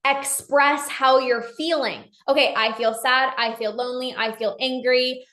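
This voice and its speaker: A woman's voice: high voice, fairly even intonation, unhurried, fairly bright tone. A woman giving a motivational talk as a life coach, emphatic, acting out short dialogues in her own voice. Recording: echoey room.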